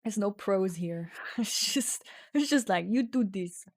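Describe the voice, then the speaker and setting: A woman's voice: mid-range voice, expressive, unhurried, no echo. Woman streamer, non-native English speaker, casual chatter, reads lines aloud while typing, dry close mic. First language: not English. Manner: self-mocking, laughs often, reads story text aloud. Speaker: streamer playing an AI text adventure. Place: home streaming setup.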